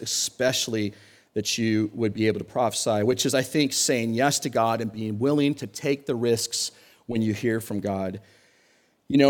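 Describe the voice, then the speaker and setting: A young man gives a relaxed, conversational sermon. He has a slightly higher-pitched voice, and he acts out quoted dialogue with quick shifts, full of "like" and "I mean". He talks as if to a congregation. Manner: animated storyteller acting out quoted dialogue, frequent fillers and laughs. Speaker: pastor.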